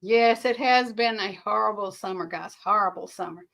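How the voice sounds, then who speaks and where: A woman's voice: medium pitch, normal speed, gravelly, fairly bright tone. An older woman, hosting a rambling livestream, chatting casually and answering viewer comments in a folksy way. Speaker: livestream host.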